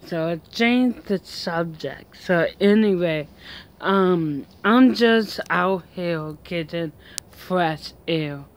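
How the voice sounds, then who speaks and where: A woman's voice: fairly low pitch, extremely slow, a little hiss or hum. A woman vlogging outdoors at home in a casual, rambling chat full of fillers and restarts.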